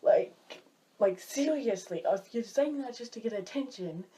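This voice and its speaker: A woman's voice: on the high side, expressive, a little slow, mellow. Chatty, exasperated young woman vlogging. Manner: chatty, exasperated, heavy use of "like". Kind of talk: casual list rant.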